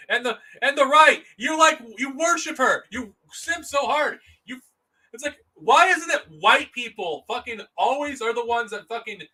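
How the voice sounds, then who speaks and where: A man's extremely high-pitched, sharp voice rants angrily through a solo live stream. He swears heavily, stumbles over his words, and keeps restarting and repeating himself.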